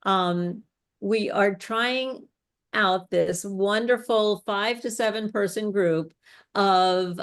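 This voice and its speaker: A woman speech coach leading a live online workshop, explaining step by step with chatty asides. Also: mid-range voice.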